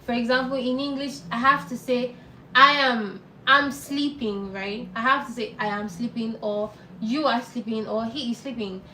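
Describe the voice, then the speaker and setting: A woman with a fairly high voice teaches a live online lesson, explaining patiently and repeating each word slowly. She sits back from the mic in an echoey room, with a faint hiss underneath. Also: steady tone, a bit bright, recorded from a distance. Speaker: Korean language teacher. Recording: roomy echo, off-mic, faint noise.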